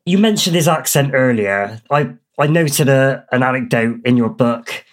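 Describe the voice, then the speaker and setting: A man's voice: medium pitch, animated, moderate pace. Bristolian man asking questions. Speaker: interviewer. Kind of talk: interview questions.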